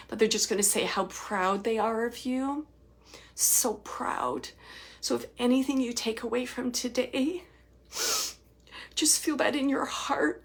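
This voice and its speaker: A woman hosting a psychic reading, relaying spirit messages in a soft, halting way with frequent restarts and repeated phrases, sometimes dropping to a near whisper. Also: a little high. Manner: drops to near-whispers at times. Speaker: psychic medium host.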